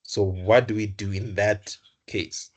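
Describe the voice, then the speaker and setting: A man's voice: lowish voice, fairly even intonation, slow. A young man tutoring computer science, explaining code aloud, often correcting himself and repeating words. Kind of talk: live coding lesson.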